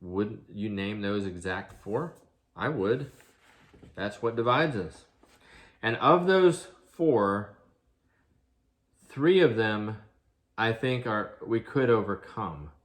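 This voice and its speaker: A man's voice: fairly low pitch, expressive, slow pace, pauses often. A man, a father of a grown son, giving an earnest commentary monologue full of rhetorical questions and restarts. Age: adult, father of an eighteen-year-old. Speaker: video commentator.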